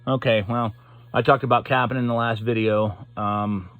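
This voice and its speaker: A man's voice: on the low side, flat delivery, no echo, highs cut off. A man giving a casual, profane, exasperated hockey rant as a sports commentator, stumbling over his words. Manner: profane, exasperated, halting restarts. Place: Pittsburgh.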